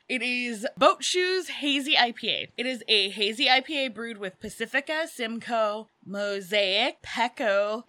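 A woman's voice: on the high side, sharp tone. A woman in her thirties co-hosting a podcast, chatting casually and laughing often. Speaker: podcast co-host. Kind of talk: casual chat.

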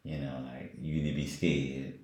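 A man's voice: rumbling low, level tone, moderate pace, a little mellow. A man reflecting on scripture in a casual Bible study discussion, with lots of fillers. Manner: rambling, filler-heavy, reflective. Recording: echoey room with faint noise.

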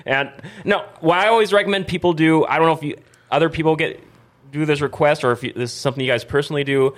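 Fast-talking male radio host. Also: fairly high pitch. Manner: chatty, quick restarts. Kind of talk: casual studio interview. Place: radio studio.

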